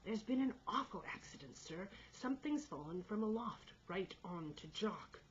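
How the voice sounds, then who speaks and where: A woman's voice: mid-range voice, expressive, moderate pace, muffled recording, a little hiss or hum, lightly acted. A woman voicing a male seaman who speaks up earnestly for the crew.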